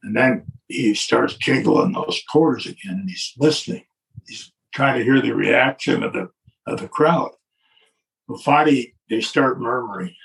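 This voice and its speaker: A man's voice: medium pitch, moderate pace, gravelly, recorded from a distance. An older man telling a long anecdote in casual chat, acting out the quotes with chuckles along the way. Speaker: guest telling a wrestling story. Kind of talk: casual storytelling.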